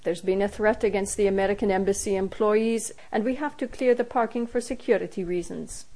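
A woman's voice: mid-range voice, steady tone, a little fast, dark tone, natural voice, rough recording. Woman doing a stern Italian police officer.

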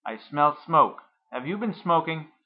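A man reading aloud, voicing a stern, domineering father who scolds and commands loudly. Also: a little high, lively intonation, measured pace, highs cut off, voice pushed up. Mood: angry.

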